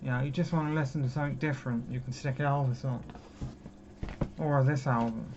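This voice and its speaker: A young British man chats casually about his record collection, rambling and poking fun at himself. His medium-pitched voice is steady and darkish, and he talks fairly quickly. The lo-fi recording is dull, with clear background noise.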